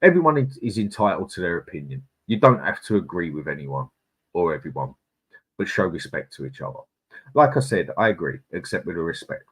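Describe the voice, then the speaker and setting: Reading viewer comments aloud on a live stream he co-hosts, this man is chatty, blunt, and full of opinions, peppering his talk with "mate" and laughter. He has a low, slightly rough voice that swings widely in pitch, and he talks a little fast.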